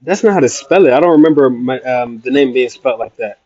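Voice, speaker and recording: A man's voice: mid-range voice, expressive, quick pace, warm tone, no echo, muffled recording. A man on a casual travel livestream, chatting playfully as he answers viewers' questions. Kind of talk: casual livestream chat reading comments. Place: traveling in Iraq.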